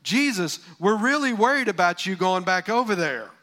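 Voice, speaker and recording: A fretful male disciple, worried for his own skin and saying so with comic exaggeration, as a preacher puts him on. The voice sits a bit high and folksy. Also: lively intonation, normal speed, pushed and bright. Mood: anxious, joking.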